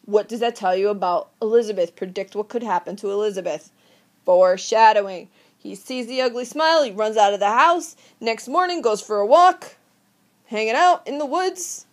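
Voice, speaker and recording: A woman teacher giving a recorded literature lecture, lively and theatrical, asking the class questions. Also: a little high, moderate pace.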